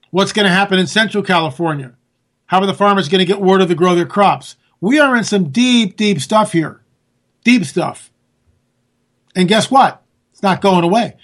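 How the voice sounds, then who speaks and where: High-voiced man ranting sarcastically. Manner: animated, sarcastic, addresses listeners as folks. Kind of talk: political monologue.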